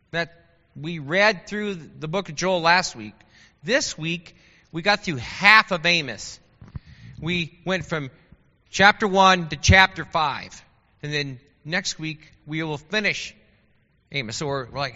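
A man teaching a Bible class in a chatty, animated way, asking his listeners questions. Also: a little high. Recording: dull lo-fi sound with long hall reverb.

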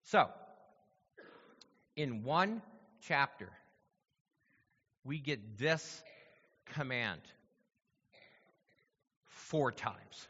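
Bright-voiced male preacher in a reverberant hall. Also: mid-range voice, lively intonation, extremely slow, long pauses, slightly rough, muffled recording. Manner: conversational teaching, checks in with listeners. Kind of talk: sermon with scripture reading.

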